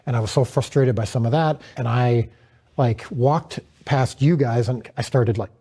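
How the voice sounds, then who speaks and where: A man's voice: mid-range voice, moderate pace, warm tone, husky. A man, the director of a series, telling a candid story in a panel conversation and acting out his own reactions.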